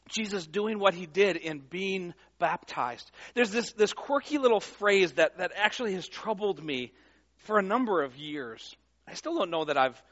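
A man's voice: fairly high pitch, fairly bright tone, muffled recording. A male pastor preaching a sermon in a conversational, emphatic way, with frequent fillers and restarts.

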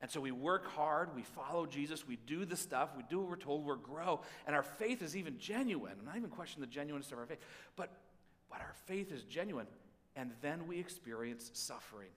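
Male preacher, sermon, higher-pitched voice, repeats words and restarts, long hall reverb. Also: animated, a little fast. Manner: voices prayers aloud, swings between pleading and hushed. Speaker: pastor.

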